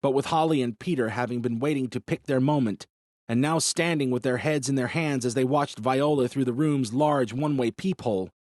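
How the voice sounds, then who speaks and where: A male audiobook narrator reads in a measured, dramatic way at a mid pitch. He is recorded close on a studio mic. The sound is dry, with no room around it. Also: a little mellow, no echo. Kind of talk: scripted narration.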